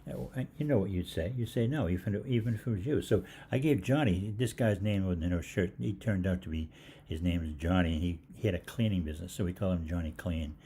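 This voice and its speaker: An older man hosts a live question-and-answer stream, telling loose, meandering stories full of "uh" and restarts. His voice sits low and relaxed. A faint background hiss runs under the desk mic. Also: brisk. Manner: rambling anecdotal, many fillers and restarts. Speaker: holistic health host. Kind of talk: live Q&A storytelling.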